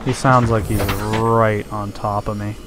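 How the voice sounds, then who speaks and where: A man with a fairly low voice narrates a let's-play as he games, speaking a little slowly and flatly over some background noise. He's jumpy and nervous, and screams when something frightens him.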